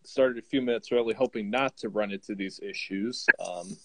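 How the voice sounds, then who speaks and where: Man, host, low voice, dry close sound, hesitant, filler-heavy, video call. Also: moderate pace, dry recording, poor audio. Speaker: host of a fan livestream. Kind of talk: casual group video chat.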